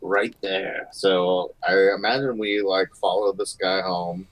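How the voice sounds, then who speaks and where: A man's voice: low-pitched, fairly even intonation, slow pace, no echo, low-quality recording. A man playing in a tabletop game, chatting casually and thinking aloud. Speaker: player. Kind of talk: casual chat.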